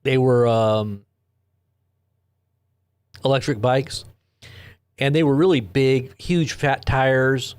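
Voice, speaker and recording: A man's voice: mid-range voice, steady tone, slow pace, long pauses, clear, resonant tone, no echo. Chatty man hosting a live stream. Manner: chatty, rambling storyteller who laughs at his own stories. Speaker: host of a live late-night news stream. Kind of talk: casual live-stream chat, reading viewers' comments. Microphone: own desk microphone.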